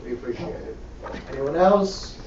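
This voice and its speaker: A man's voice: fairly high pitch, lively intonation, moderate pace, a crowd in the background. Jokey man leading a synagogue service. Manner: chatty and jokey between prayers. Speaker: service leader. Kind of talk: leading prayer service, joking asides. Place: synagogue sanctuary. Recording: echoey, dull room sound from far off. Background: congregation noise.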